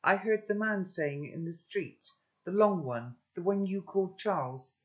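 A man's voice: high-pitched, moderate pace, pitched above the performer's own voice, lightly acted. A man reading aloud and voicing a wary, blunt boy who talks in an offhand, teasing way.

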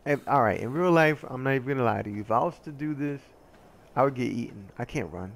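A fast-talking man with a gravelly, mid-range voice provides casual survival-game commentary, rambling and self-deprecating. He's easily sidetracked and excitable, yelping whenever he's attacked.

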